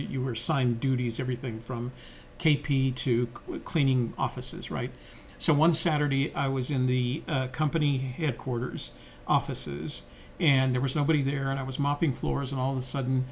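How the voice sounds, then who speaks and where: With a gravelly, mid-range voice, an older podcast co-host reflects on stories in a conversational way, often using fillers and restarting sentences. A little hiss or hum sits under the recording.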